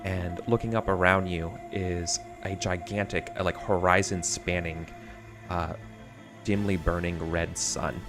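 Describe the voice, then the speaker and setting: A man narrating a tabletop game as game master, halting with many fillers. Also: low voice, fairly even intonation, over music.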